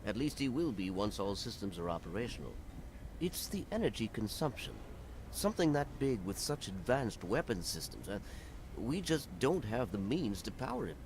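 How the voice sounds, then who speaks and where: An actor voicing a composed male video game character who speaks in a formal, measured way. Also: on the low side, big pitch swings, background noise. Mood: calm. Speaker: non-player character.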